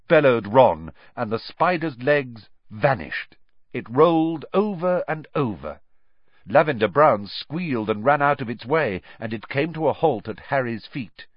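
A man reading a story aloud with animated, dramatic narration. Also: medium pitch, dry recording, lo-fi sound. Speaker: audiobook narrator.

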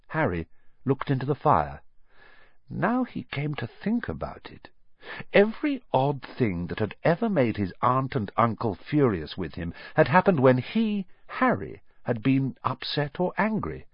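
Husky, animated man reading a story. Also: medium pitch, unhurried, no echo, dull audio. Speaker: audiobook reader. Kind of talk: scripted narration.

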